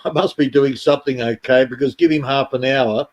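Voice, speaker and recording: A man's voice: medium pitch, fairly even intonation, fairly quick, a little mellow, dull audio. A man chatting casually with a friend, laid-back and a bit profane. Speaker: friend on call. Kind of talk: casual chat.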